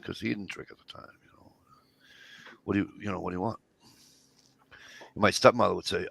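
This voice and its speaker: A man's voice: deep voice, quick pace, creaky, pauses often, a bit bright, husky. A middle-aged man, telling rambling, profane stories and acting out the dialogue. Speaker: podcast co-host. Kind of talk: casual storytelling chat.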